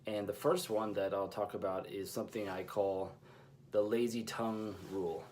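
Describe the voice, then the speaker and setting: A man teaching a language lesson, explaining pronunciation in a measured, patient way with pauses between phrases. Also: lowish voice, steady tone, a little mellow, a little hiss or hum.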